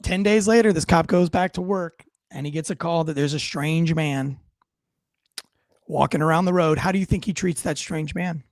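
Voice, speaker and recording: A man's voice: on the high side, moderate pace, no room sound. Brief: male police officer as a podcast host, blunt and profane, leading questions, in a dry, close recording. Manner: explains with analogies, asks leading questions. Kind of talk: casual interview conversation.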